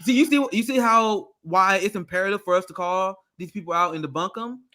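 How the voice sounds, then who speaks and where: A man hosting a casual political podcast, energetic and quick to laugh. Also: high-pitched. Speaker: host.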